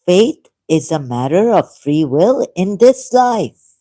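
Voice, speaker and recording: Reading aloud on her channel and commenting as she goes, this woman has a low, mellow, sing-song voice. She moves slowly and deliberately, stopping at times for apologetic remarks in this casual vlog. The sound is dry and close, from a dimly lit room.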